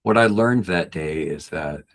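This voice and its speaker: A man's voice: sits low, a little slow. A man working as a backpacking guide and coach, telling a personal story on a podcast in a rambling way, with many restarts and fillers.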